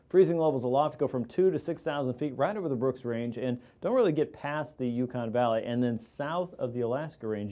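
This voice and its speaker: Mellow-voiced male weather forecaster. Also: mid-range voice. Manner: steady explanatory delivery with occasional fillers. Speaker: meteorologist.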